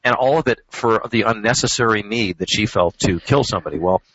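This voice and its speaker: A man talking in a measured, reflective and candid way as a regular on a radio show. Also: on the low side, a bit bright, no room sound. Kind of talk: casual radio talk. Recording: dull, dry radio sound.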